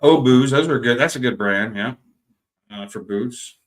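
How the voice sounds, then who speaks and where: A middle-aged man from Florida hosting a live Q&A, reading out viewer comments in a relaxed, profane, laugh-filled way. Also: mid-range voice, unhurried. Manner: relaxed, swears freely, laughs often. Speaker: host of a live Q&A stream.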